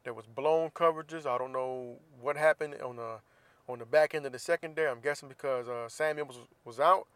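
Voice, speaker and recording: A man's voice: mid-range voice, brisk, a bit bright, smooth, dry recording. A man hosting a casual solo podcast, venting bluntly and profanely about college football. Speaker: podcast host.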